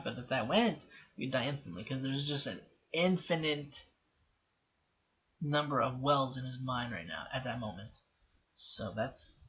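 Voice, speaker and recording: Young american man, rambling reaction chat, a bit high-pitched, muffled mic with faint hiss. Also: a bit bright. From United States. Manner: rambling, many restarts and fillers, laughs often. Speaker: TV reaction host. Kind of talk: casual reaction commentary.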